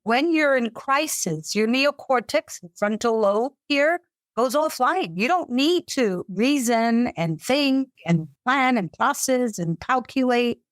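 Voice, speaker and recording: A middle-aged woman psychotherapist, speaking as a guest in an interview, expressive and acting out her clients' voices. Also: fairly high pitch, slow pace, no room sound. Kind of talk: interview conversation. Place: US capital region.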